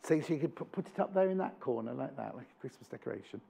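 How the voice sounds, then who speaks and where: A man's voice: medium pitch, expressive, racing, creaky, warm tone, husky. A man presenting on a live shopping channel, chatting with enthusiasm and jokes. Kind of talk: live TV sales chat. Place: TV studio.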